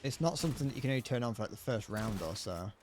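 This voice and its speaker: A man's voice: mid-range voice, animated, rapid-fire, noisy background. A British man casually talking through a game as he plays, thinking aloud and humming little tunes. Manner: chatty, thinks aloud, hums tunes while playing. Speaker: streamer. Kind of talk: live gameplay commentary.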